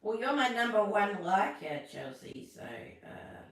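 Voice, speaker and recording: A woman's voice: mid-range voice, very animated, measured pace, far from the mic. A woman hosting a casual live stream, chatty and self-deprecating, telling corny jokes while a little sick. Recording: echoey room, away from the mic.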